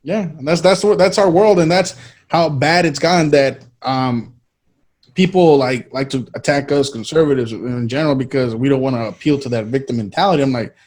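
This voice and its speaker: A man's voice: medium pitch, fairly quick, darkish tone. A man co-hosting a casual political talk show, speaking emphatically and repeating phrases as he thinks. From Latino American. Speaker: podcast co-host.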